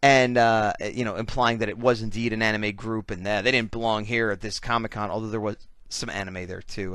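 A man's voice: fairly low pitch, a bit bright, no room sound. Hiccuping man, dry close voice-over. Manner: rambling, self-deprecating, conversational. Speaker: artist and convention vendor. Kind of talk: casual voice-over commentary.

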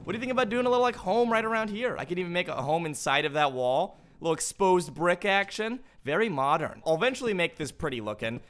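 A man with a high, lively voice that swoops up and down as he plays, a little hoarse from screaming. He gives playful, jokey gameplay commentary and chats to the creatures he meets. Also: quick pace, hardly any pauses. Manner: playful, jokey, chatting to in-game animals. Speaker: gaming host.

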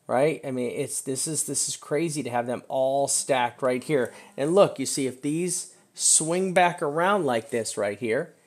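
Guy talking thru crypto charts, mid-pitch voice, keeps saying right?, gets kinda worked up. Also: a little slow, hardly any pauses. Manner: chatty, emphatic, keeps asking "right?"; frustrated outbursts. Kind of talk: screen-share market commentary.

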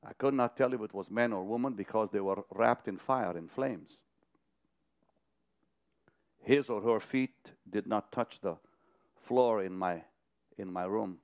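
A man preaching a sermon, telling a vision story with dramatic swings from hushed to loud. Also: on the low side, unhurried, long pauses, dull audio. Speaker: televangelist. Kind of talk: sermon to partners.

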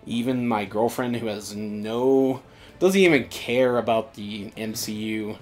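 A man's voice: lowish voice, measured pace. A man co-hosting a casual fan chat, rambling with many restarts and "uh"s. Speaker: co-host.

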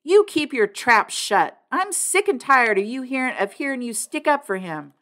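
A woman doing a furious shouting older brother. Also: high-pitched, sing-song, normal speed, voice pushed up. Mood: scolding. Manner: shouting, scolding. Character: furious young man, strict older brother.

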